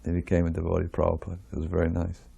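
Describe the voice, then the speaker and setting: A man recounts old memories of his spiritual teacher in a relaxed storytelling way. His voice sits low and sounds dark and mellow. Now and then he acts out the people in his stories with lively voices. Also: racing, gravelly, husky. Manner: animated, acts out quoted voices, laughs while telling. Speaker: disciple sharing memories. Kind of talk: storytelling reminiscence.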